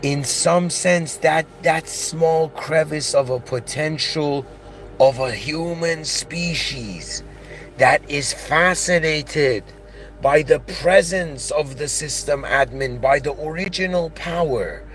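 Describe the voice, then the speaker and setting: A man's voice: a little high, slow, fairly bright tone, faint music behind. A man giving a philosophical monologue, earnest and growing emotional as he talks. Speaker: channel host.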